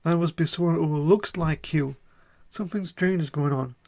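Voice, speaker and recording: Gravelly-voiced man streaming a game. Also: a little high, dark tone. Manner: halting, thinking aloud. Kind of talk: live game-stream commentary and reading game text.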